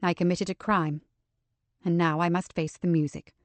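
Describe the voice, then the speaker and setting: A woman's voice: lowish voice, moderate pace, dry recording, natural voice. A woman reading a composed, grave older mother. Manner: even, controlled, softly dignified.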